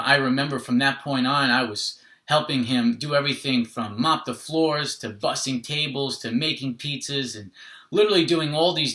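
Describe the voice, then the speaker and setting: A man's voice: mid-range voice, sharp tone, roomy sound. A man telling a personal story in an earnest, conversational way, often adding "literally" and "right?".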